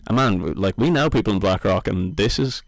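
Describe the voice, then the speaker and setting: A man's voice: on the low side, lively intonation, a little fast, creaky, noisy background. A young man with a Dublin Irish accent co-hosting a podcast in casual, slangy chat, swearing and saying "man" a lot. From Ireland. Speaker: podcast co-host.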